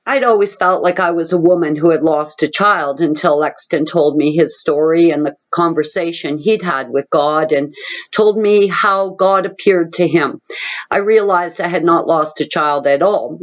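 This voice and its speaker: A woman's voice: low-pitched, moderate pace. A woman hosting her own channel, telling a personal story in an earnest, dramatic way. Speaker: channel host. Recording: muffled lo-fi audio.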